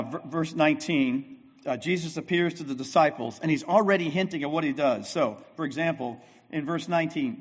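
A man preaching a sermon as pastor, emphatic and repetitive, swinging between loud and soft. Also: fairly high pitch, big-room sound. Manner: emphatic, repeats phrases, shifts loud and soft.

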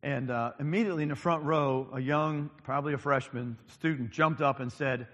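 A male pastor preaches at a mid pitch, pausing often on ums and repeating key lines for emphasis. His voice rings out through a large church sanctuary with a long, trailing reverb. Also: fairly even intonation, fairly bright tone. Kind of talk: sermon.

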